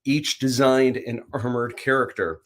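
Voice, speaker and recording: A man hosting a relaxed livestream chat, talking at a middling pitch. He rambles through animated opinions, full of fillers and restarts. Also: a little slow. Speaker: livestream host. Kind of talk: casual chat.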